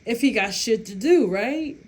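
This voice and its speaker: A woman's voice: a little high, expressive, measured pace, darkish tone, a little hiss or hum. A woman, talking casually and bluntly to her viewers with lots of profanity, giving relationship advice. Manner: blunt, profane, emphatic, laughs at her own story.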